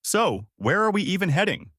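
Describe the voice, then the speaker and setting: A man's voice: high-pitched, very animated, moderate pace, a bit bright, no room sound, clean studio sound, voice pushed up, full character voice. A male narrator voicing a grumbling, cowardly shapeshifting pig in a fan story, with a whiny, pleading delivery.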